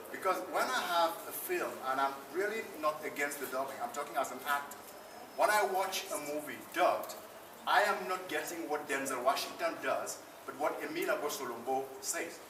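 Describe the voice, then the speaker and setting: A man's voice: on the high side, moderate pace. A man, an actor on a debate panel, arguing in an impassioned way and repeating phrases for emphasis. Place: conference room at a film festival. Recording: roomy, distant mic, noisy ambience.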